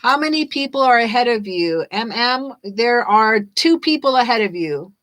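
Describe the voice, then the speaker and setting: A woman's voice: a little high, expressive, normal speed, a bit bright, rough recording. A woman reading tarot cards on a live stream, chatty and repetitive, laughing often as she reads viewers' questions. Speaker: tarot reader.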